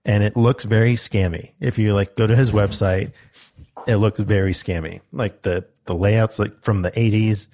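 A man's voice: on the low side, fairly even intonation, normal speed. A young man in casual chat, telling a story about a seminar he went to. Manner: storytelling, quoting a loud instructor in his telling.

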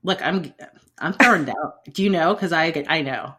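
A woman co-hosting a casual podcast chat, animated, laughing and swearing as she talks. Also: deep voice, moderate pace, husky. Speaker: podcast co-host.

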